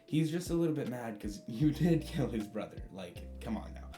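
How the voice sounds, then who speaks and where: A man's voice: medium pitch, expressive, moderate pace, dark tone, close to an everyday voice. A man voicing a laid-back young male hero with slangy, easygoing banter. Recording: roomy sound with faint guitar.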